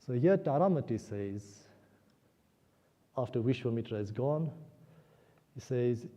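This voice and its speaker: Brief: man telling a sacred story at a temple, very dark mellow voice, long hall reverb, muffled. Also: medium pitch, measured pace. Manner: animated, emotional retelling. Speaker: speaker at a temple celebration. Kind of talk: spiritual discourse storytelling.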